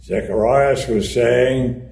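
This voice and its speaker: A man reading a sermon aloud in a measured way, with touches of dry humor. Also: mid-range voice, creaky, a little mellow. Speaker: reader of a sermon. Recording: echoey room.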